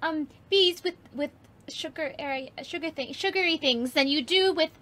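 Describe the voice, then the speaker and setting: Woman tabletop player, high voice, hesitant, rambling. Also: moderate pace, fairly bright tone. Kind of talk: tabletop role-play chat.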